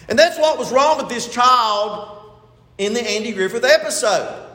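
A pastor preaching a sermon, retelling a story with quoted lines and building to emphatic points. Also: male voice, extremely high pitch, measured pace, pushed and bright, reverberant, in a large hall.

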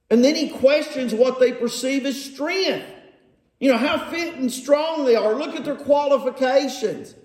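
A man's voice: very high-pitched, a little slow, a little mellow. A man preaching a sermon from scripture, asking his congregation rhetorical questions and paraphrasing the text with sarcasm. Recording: echoey room.

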